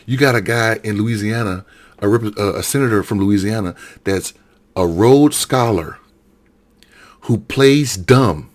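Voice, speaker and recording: A middle-aged man from Alabama giving a heated solo rant, often repeating and correcting himself. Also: lowish voice. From Alabama, USA. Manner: heated, repetitive, self-correcting. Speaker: political commentator.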